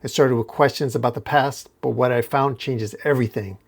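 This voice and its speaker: Anxious halting older commissioner, plain mid-pitched voice, as a man puts him on. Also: steady tone, lightly acted. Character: worried older male police commissioner.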